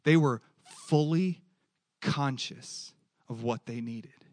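A male preacher giving a lively sermon and keeping the audience engaged with questions. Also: mid-range voice, slow, no echo. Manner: animated, asks the audience questions.

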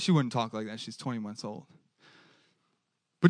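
A male preacher giving a lively sermon and keeping the audience engaged with questions. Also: fairly low pitch, normal speed, long pauses, dry recording. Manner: animated, asks the audience questions.

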